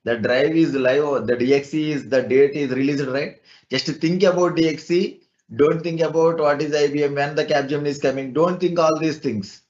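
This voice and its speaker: A man's voice: a little high, fairly even intonation, normal speed, a little mellow, muffled recording. A man teaching an online class, explaining step by step and asking rhetorical questions.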